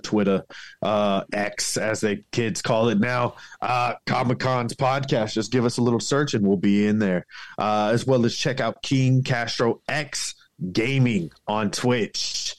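A man's voice: medium pitch, no echo. A man guesting on a casual podcast, talking in crude, profane, joking banter.

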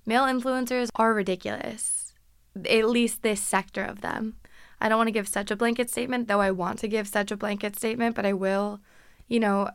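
Podcast host, woman, animated sarcastic storyteller, higher voice, smooth and crisp, dry close mic. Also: no room sound. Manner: animated, sarcastic, laughs often, acts out quotes. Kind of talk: casual storytelling monologue.

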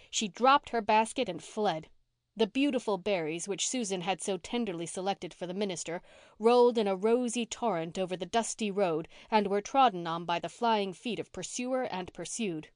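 A woman's voice: mid-range voice, no room sound. Woman reading an audiobook, dry and close. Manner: measured, expressive reading. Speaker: audiobook narrator. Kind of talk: scripted narration.

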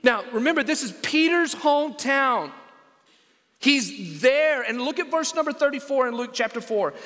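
A man's voice: very high-pitched, lively intonation, normal speed, a bit bright. A man, preaching a sermon as senior pastor, emphatic and asking the congregation questions. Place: church sanctuary. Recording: long reverb of a large church.

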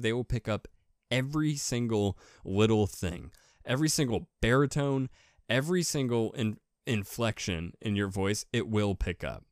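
A man's voice: medium pitch, a little mellow, smooth, no room sound, studio quality. A man hosting his own podcast in a casual solo monologue, rambling and poking fun at himself, often restarting and repeating words. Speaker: podcast host.

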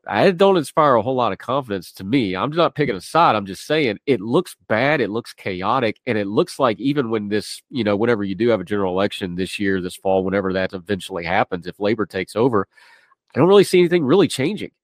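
A man's voice: lowish voice, fast, few pauses, dry recording. A man hosting a political chat in loose, casual phrasing with many fillers. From outside the UK. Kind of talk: conversational political discussion.

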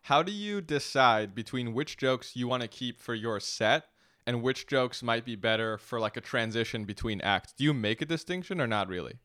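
A man's voice: mid-range voice, animated, moderate pace, pushed and bright, dry recording, studio quality. A man hosting a podcast interview, friendly and curious, laughing easily at his guest. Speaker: podcast host.

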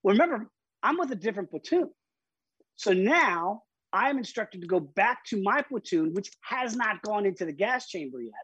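Husky guy telling his story in an interview, keeps restarting, dry kinda muffled sound. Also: high-pitched, big pitch swings, normal speed, a bit bright, no echo. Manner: vivid, emphatic retelling with frequent restarts. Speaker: interview guest. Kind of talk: personal storytelling in conversation.

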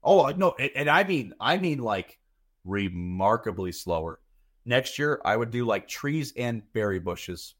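A man's voice: mid-range voice, sing-song, measured pace. A man in his thirties, a podcast guest talking casually and rambling, often repeating words as he thinks. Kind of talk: casual chat.

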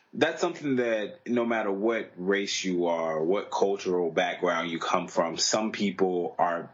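Male podcast co-host, low husky voice, earnest rambling delivery, lo-fi sound. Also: fairly bright tone. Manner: earnest, rambling, restarts often. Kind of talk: casual discussion. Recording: dull lo-fi podcast audio.

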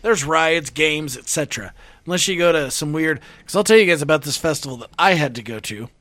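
A man hosting a podcast, telling stories in a casual chat and acting out other people's lines in a higher voice. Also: brisk. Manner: animated, acts out quotes in a higher voice. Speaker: podcast host.

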